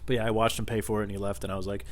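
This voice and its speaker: A man's voice: fairly low pitch, level tone, very fast. A man hosting a solo podcast, telling rambling, profane comic stories from home. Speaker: podcast host. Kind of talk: solo comedic storytelling podcast.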